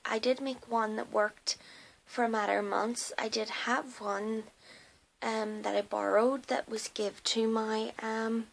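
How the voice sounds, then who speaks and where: A woman's voice: on the high side, steady tone, a little slow, vocal fry, low-quality recording. A woman who is losing her voice, chatting casually and hesitantly, with lots of fillers, as she shows off her doll collection in her home nursery. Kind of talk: casual show-and-tell video.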